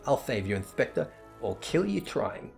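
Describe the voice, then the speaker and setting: A man's voice: mid-range voice, very animated, normal speed, vocal fry, a little mellow, soft background music. A man voicing a bubbly, trigger-happy young female assistant in a perky, eager, raised voice for a fantasy game read-through.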